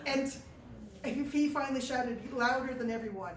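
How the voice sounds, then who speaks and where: A woman's voice: high voice, normal speed. A woman telling a travel story to a live audience, acting out the dialogue with lots of animation. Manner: animated, acts out quoted dialogue. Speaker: guest speaker telling travel stories. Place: event room with a small audience. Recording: roomy, distant mic, faint noise.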